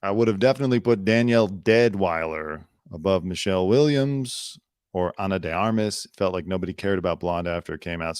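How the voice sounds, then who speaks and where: A man hosting a comedy talk show, joking his way through celebrity news in a mocking tone and slipping into quick impressions. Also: low-pitched, dry recording, studio quality. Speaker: comedy podcast host.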